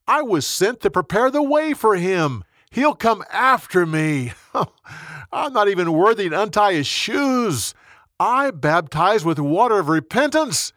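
Fervent male desert prophet, put on by a man; high, lively, unhurried delivery. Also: dry recording, clean studio sound, full character voice. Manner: proclaiming, raised and urgent. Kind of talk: storybook narration.

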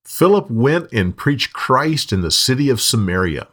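Slow, expressive male Bible storyteller. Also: medium pitch. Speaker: narrator. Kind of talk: scripted Bible story narration.

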